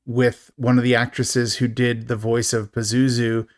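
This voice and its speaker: A man hosting a casual movie review podcast, chatty and quick to laugh, with many fillers. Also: medium pitch, flat delivery, no room sound, clean studio sound. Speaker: podcast host.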